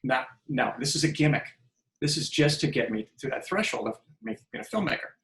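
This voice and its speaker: Here the same kind of speaker, a man in his fifties appearing as a podcast guest, spins casual stories and performs the lines he quotes with lively animation. His voice sits a little high, brisk and creaky. The audio is roomy and rough.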